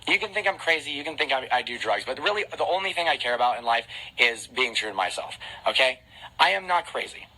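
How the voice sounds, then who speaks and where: A man in his twenties ranting on a livestream from his home, anxious and panicked, talking fast with restarts and swearing. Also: fairly high pitch, sharp tone, husky, low-quality recording. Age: 20s. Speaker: car content creator on a livestream. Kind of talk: agitated livestream rant. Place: at home, alone.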